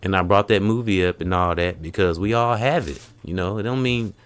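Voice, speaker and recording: A man hosting a casual podcast, telling stories in an animated way and acting out quotes. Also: low-pitched, fairly quick. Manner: animated storytelling, acts out quotes. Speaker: podcast host.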